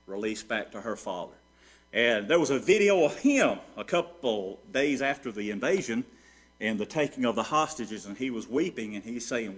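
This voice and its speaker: A man preaching a sermon, moving from hushed storytelling to ringing rhetorical questions that he answers himself. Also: medium pitch. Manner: preaching with sweeping swings between soft and loud. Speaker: pastor.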